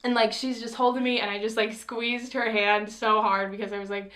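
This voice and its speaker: A young woman telling a story in a casual vlog, chatty and full of "like", quoting herself with excitement. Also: medium pitch, a little fast. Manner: chatty, says "like" often, quotes herself excitedly. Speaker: vlogger.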